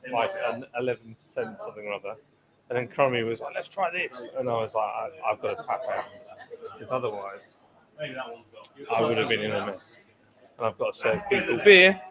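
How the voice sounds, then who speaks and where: A man's voice: mid-range voice, poor audio. A British man hosting a live stream from a brewery taproom, chatting casually, joking and greeting viewers by name as he reads their comments. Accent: British English. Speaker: stream host and taproom bartender. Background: crowd chatter.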